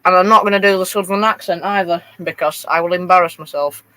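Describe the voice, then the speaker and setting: A man's voice: sits high, steady tone, quick pace, pushed and bright, clear, resonant tone, rough recording. A teenage male host with a Yorkshire accent, chatting casually on a live stream and answering viewers' messages while running model trains. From Yorkshire, England. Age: teens. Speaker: livestream host.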